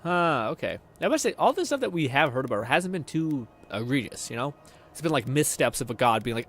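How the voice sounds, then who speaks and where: A young man streaming a game, chatting excitably, swearing, laughing and reading chat aloud. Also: medium pitch, fairly quick, a little hiss or hum. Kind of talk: casual game commentary.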